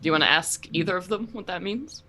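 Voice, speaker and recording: A woman's voice: fairly low pitch, brisk, bright, forceful tone. A woman narrating a tabletop game as game master, descriptive and full of fillers.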